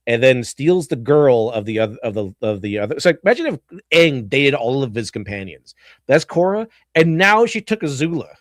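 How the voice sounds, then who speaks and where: A man hosting a live stream who rambles through his commentary, restarting sentences and laughing along the way. His delivery is animated and casual. The recording is dry and close. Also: medium pitch, dry recording. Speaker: stream host.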